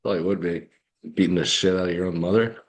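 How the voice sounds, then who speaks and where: A man's voice: low-pitched, level tone, fast, slight background noise. A man hosting a call-in talk show, asking blunt questions and teasing his caller. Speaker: host. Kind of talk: casual call-in chat.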